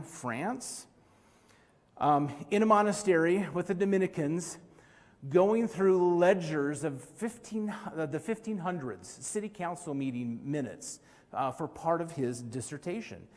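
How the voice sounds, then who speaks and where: A man's voice: fairly high pitch, unhurried, darkish tone. A middle-aged man from Utah giving an earnest, story-filled speech as president of an organization at a live conference. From Utah, USA. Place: large convention hall. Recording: long hall reverb.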